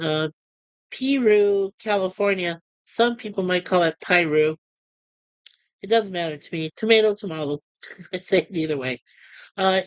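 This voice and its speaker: A woman's voice: mid-range voice, no echo. A woman giving a casual, rambling spoken review of TV episodes, with chatty asides.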